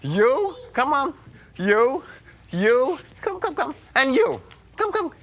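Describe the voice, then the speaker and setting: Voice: sits high, big pitch swings, slow, a bit bright, full character voice. An actor playing a big, friendly, silly wolf who chats playfully with the children in a live stage show. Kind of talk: live children's theatre, talking to the audience. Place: theatre stage with a live audience.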